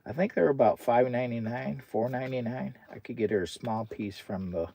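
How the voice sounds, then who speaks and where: A man's voice: medium pitch, brisk, vocal fry, mellow. An American man chatting casually on a camping livestream from inside a hot tent, often talking baby talk to his dog. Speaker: camping vlogger.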